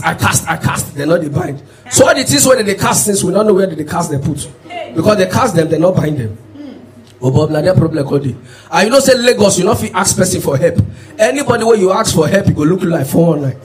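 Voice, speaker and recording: A man telling a stand-up story in Nigerian Pidgin English, animated and punchy, moving from quiet asides to shouted punchlines. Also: high voice, rough recording. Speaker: stand-up comedian. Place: live comedy show before an audience. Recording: loud audience laughter throughout.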